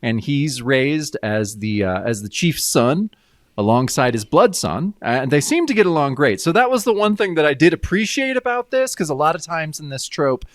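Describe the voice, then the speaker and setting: A man's voice: on the high side, moderate pace, dry recording, studio quality. A man co-hosting a casual comic book review podcast, retelling the story and acting out lines of dialogue. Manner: animated, acts out dialogue in character voices. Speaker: podcast co-host.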